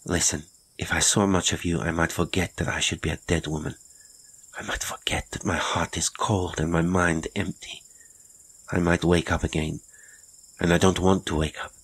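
A man voicing a weary, haunted castaway woman with a grave, slow voice. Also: low voice, little pitch movement, a bit bright, husky, full character voice. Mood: grave, afraid.

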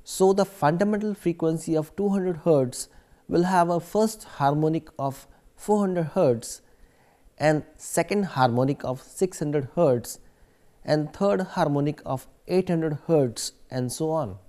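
A man's voice: fairly high pitch, a little slow, mellow. A man giving a recorded academic lecture, explaining steadily with occasional fillers.

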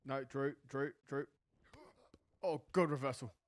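A man commentating his own wrestling video game match. He is excitable, swears, and shouts at the game. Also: mid-range voice, measured pace, no echo. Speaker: gaming channel host. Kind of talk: live gameplay commentary.

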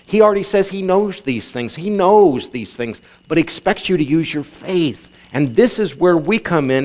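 A man's voice: fairly high pitch, a little mellow. A middle-aged man preaching a sermon, reading scripture and driving points home by repeating them. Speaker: pastor.

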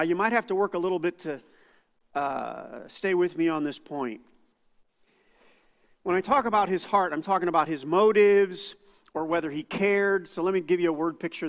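A middle-aged male pastor preaching a sermon, moving from quiet asides to loud outbursts. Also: sits high, animated, moderate pace, long reverb tail. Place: church sanctuary.

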